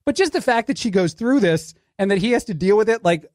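A man's voice: sits high, animated, quick pace, few pauses, no echo, studio quality, faint music behind. A man filling in as a radio talk show host, rambling sarcastically through a casual monologue. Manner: sarcastic, rambling, restarts often.

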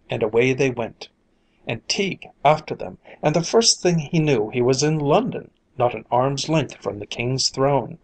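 Storyteller for a fairy-tale reading; slow, lilting, unhurried. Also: medium pitch, slightly rough, low-quality recording.

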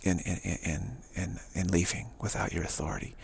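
Man voicing a gravelly, apologetic woman teacher. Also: low voice, fairly even intonation, fairly quick, full character voice. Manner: soft, pleading and apologetic. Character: apologetic, self-effacing woman spiritual teacher.

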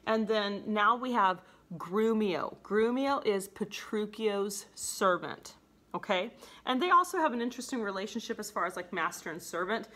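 A woman teacher walks students through a scene in a casual, chatty way, with frequent laughs and "okay?" checks. Her voice sits at a middle pitch and sounds bright and forceful. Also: lively intonation, normal speed. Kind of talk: casual classroom explanation.

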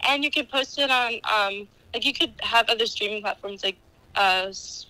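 A woman's voice: a little high, normal speed, pushed and bright, dry recording, low-quality recording. A young woman guesting on a call, chatty and hesitant, filling gaps with "like" and "um.". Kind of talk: casual chat.

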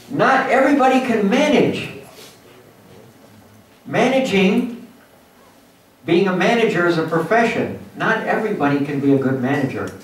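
A man giving a lively motivational lecture at a symposium, acting out little scenes for his audience. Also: sits high, slight background noise. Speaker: guest speaker at a symposium. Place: university lecture hall. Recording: echoey hall from far off.

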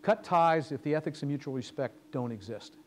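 A man's voice: a little high, fairly quick, slight background noise. A man giving a lecture as guest speaker, telling business anecdotes and acting out the dialogue. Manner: storytelling, acting out quoted dialogue. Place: lecture hall.

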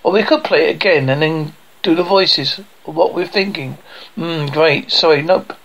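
A man with a slightly raised pitch and a gravelly, creaking edge runs through a sitcom script alone. He takes every part himself in one voice and reads the stage directions aloud between the lines. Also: normal speed, fairly bright tone, highs cut off.

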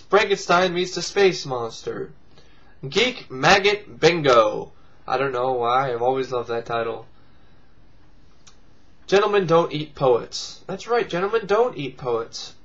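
Slow, sarcastic man on a lo-fi recording. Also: a bit bright. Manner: sarcastic, swears freely, mocking voices in high squeals. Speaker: vlog host. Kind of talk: casual comedic commentary.

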